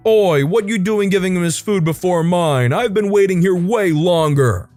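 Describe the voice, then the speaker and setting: A man voicing a rude, hungover male customer in a fast-food queue, shouting at the counter in a Scouse accent. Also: sits high, no room sound, faint music behind, voice pushed up, natural voice. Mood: angry shouting. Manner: shouting, aggressive.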